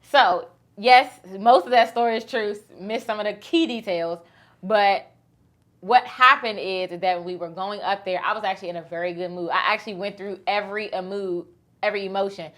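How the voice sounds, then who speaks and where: Bright, animated woman host storyteller. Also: medium pitch, normal speed. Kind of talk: casual chat.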